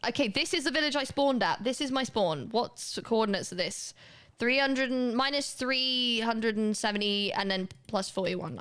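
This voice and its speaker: A woman's voice: medium pitch, fairly bright tone. A young woman, chatting casually and swearing now and then while livestreaming a video game to her chat. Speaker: live streamer.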